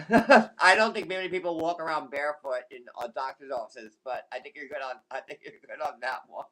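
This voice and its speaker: Man, casual livestream host; teasing and chatty, slightly high. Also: brisk, sharp tone, rough recording. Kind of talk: casual chat.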